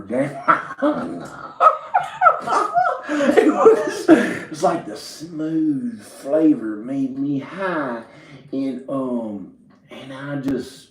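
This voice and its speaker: A man from Virginia drawls through a meandering, profane comic story, often breaking into laughter at his own lines. He talks slowly, in a middle register. His voice rings around an echoey room. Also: medium pitch, a little mellow. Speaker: comedic storyteller. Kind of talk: rambling comedic monologue. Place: indoor room with drum set and speakers.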